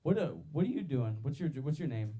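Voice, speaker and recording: A young man performs stand-up at a comedy club, his slightly high voice mellow rather than bright. He talks loudly, laughs through his own jokes and banters with people in the crowd. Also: very animated, brisk. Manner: loud, laughing, crowd work.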